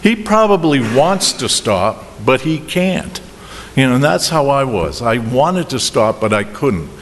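A man's voice: mid-range voice, sing-song. Rambling Boston man in a hall. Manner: rambling, halting, frequent restarts and chuckles. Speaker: speaker sharing his drinking story. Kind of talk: personal testimony at a recovery meeting. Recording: reverberant hall with faint noise.

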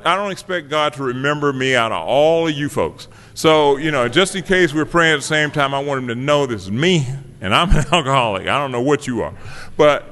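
A man's voice: mid-range voice, pushed and bright. Wry man telling his story in a hall. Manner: conversational, wry and self-deprecating. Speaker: speaker sharing his recovery story. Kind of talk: personal testimony to a live audience. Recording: long reverb of a hall.

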